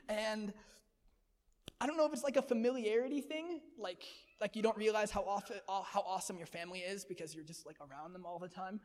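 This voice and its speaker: High, lively man preaching in a hall. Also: moderate pace. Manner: energetic, laughing, conversational. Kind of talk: sermon.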